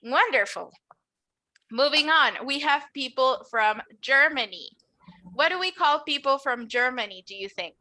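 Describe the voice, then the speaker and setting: Bright high-voiced woman teaching English. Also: expressive, measured pace. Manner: encouraging, models words for students to repeat. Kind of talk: classroom lesson. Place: classroom.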